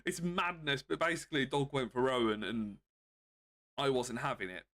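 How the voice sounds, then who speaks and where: A man streaming games, chatting casually and more quietly than usual because of bruised ribs, chuckling often. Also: mid-range voice, moderate pace. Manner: subdued, calmer than usual, with frequent chuckles. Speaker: game streamer. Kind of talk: casual live-stream chat.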